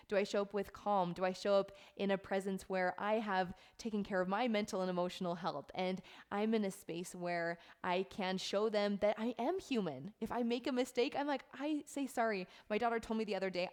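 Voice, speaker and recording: A middle-aged woman coach talks to camera in an earnest, heartfelt way. Her delivery is soft and unhurried, and she repeats words for emphasis. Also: mid-range voice. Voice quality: earnest and heartfelt, close to tears at times. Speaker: life coach. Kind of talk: reflective talk to camera.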